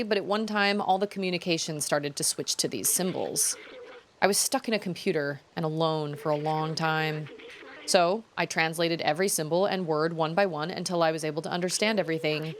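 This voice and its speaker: A woman's voice: low-pitched, fairly quick, close to an everyday voice. A small companion drone from a game, read by a woman, earnest and explanatory. It sounds close to her own voice.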